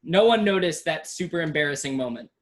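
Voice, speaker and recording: Brief: young game master, animated pitch, stop-start narration. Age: young adult. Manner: halting, restarts while narrating.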